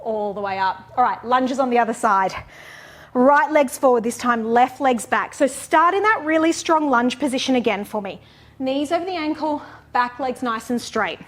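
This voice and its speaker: A woman's voice: a little high, animated, normal speed. A young woman teaching a pilates class, counting reps aloud and cueing form encouragingly while out of breath. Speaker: pilates instructor.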